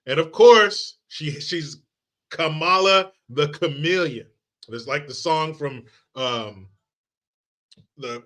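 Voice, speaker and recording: A man hosting a comedic commentary video, animated and mocking, often laughing. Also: mid-range voice. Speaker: commentary host.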